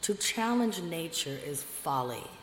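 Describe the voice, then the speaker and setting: A woman reading aloud gives voice to a wise older queen in a storybook. She speaks with calm, amused composure, low and unhurried. A long reverb and faint hiss surround the voice. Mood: serene. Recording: echoey room with long reverb, faint noise.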